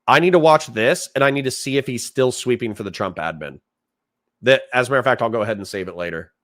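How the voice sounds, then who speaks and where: A man's voice: medium pitch, quick pace, a bit bright. A man hosting a casual livestream, ranting with animation and reading out chat comments. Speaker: streamer host.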